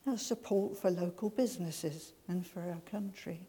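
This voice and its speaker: A woman giving a sermon in a gentle, slow storytelling way. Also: lowish voice, breathy edge. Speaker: preacher. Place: large church. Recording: reverberant church hall.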